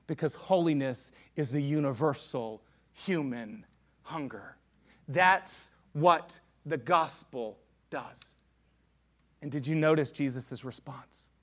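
A pastor preaching a sermon with passion, swinging between hushed lines and loud shouts. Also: male voice, on the high side, slow.

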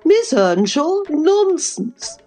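A woman's voice: sits high, sing-song, drawn-out words, mellow, soft background music, pitched above the performer's own voice, full character voice. A woman reading aloud, voicing a fussy, easily shocked elderly lady of the manor. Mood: indignant. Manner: indignant and fussy.

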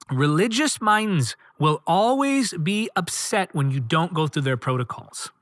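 A male preacher delivers a sermon with a lively, swooping pitch that rises high on key words, pressing his points through rhythmic repetition. He reads scripture aloud between points. The sound is dry and close, with no room around it. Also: no echo.

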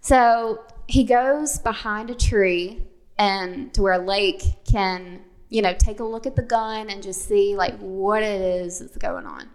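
A woman candidly telling an animated personal story in a casual chat. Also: mid-range voice, takes it slowly.

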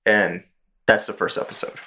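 A man's voice: normal speed, pushed and bright. A man hosting a podcast in casual chat, loosely retelling a show's plot with plenty of swearing. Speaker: podcast host.

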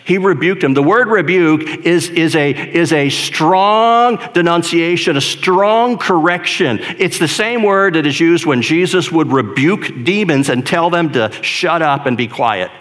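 A man preaching a sermon in a conversational, emphatic way, dropping to a hush and then building to loud stress. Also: on the high side, unhurried, few pauses. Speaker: pastor.

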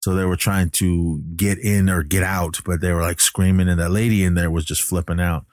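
A man's voice: low voice, little pitch movement, normal speed, darkish tone, no room sound, studio quality. A man casually recapping a movie, rambling with many fillers and restarts.

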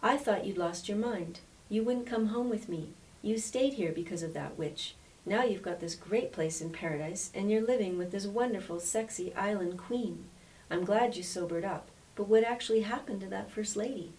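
A woman's voice: mid-range voice, normal speed, darkish tone, natural voice. A woman voicing a blunt, incredulous male friend in a read-aloud story, with a distant mic and faint hiss. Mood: teasing.

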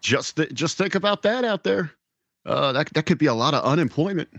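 A man's voice: on the high side, lively intonation, brisk, vocal fry, fairly bright tone, no echo, highs cut off. A man co-hosting a heated political talk podcast, speaking in an indignant, lecturing way with frequent restarts. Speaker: podcast co-host.

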